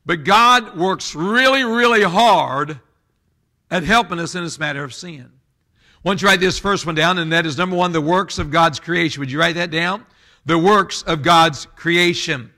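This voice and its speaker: A male pastor delivers a sermon in a folksy, conversational way, turning aside to talk straight to his congregation. His voice sits high and rings bright and forceful, with a tense edge.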